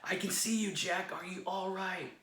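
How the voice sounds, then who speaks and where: A man voicing God as a calm, gently commanding presence, recorded in an echoing room. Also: sits high, normal speed, pitched above the performer's own voice. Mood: calm assuring. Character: calm, all-seeing voice of God. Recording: roomy echo.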